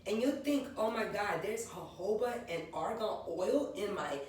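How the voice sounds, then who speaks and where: A woman's voice: mid-range voice, animated, a little slow. A woman in her forties, a maker of natural hair and skin products, chatting her way through her product line and rambling through lists of ingredients. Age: 40s. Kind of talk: casual product walkthrough vlog. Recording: very echoey room, voice from far off, faint background hum.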